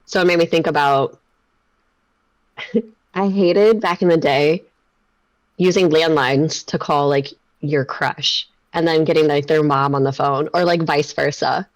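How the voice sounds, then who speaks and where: A woman in her thirties with a very low voice and a dry, close sound. She co-hosts a casual stream, chatty and giggly, with quick asides. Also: no echo, poor audio. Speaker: streamer co-host. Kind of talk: casual chat.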